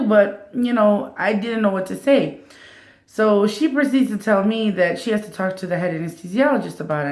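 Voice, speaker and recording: A woman in her thirties, mid-pitched, chatting straight to her viewers and bringing the story alive by voicing the other people in it. The room around her is bare and echoey. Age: 30s. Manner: animated retelling, acting out others' lines. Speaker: vlogger. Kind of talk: casual storytelling to camera.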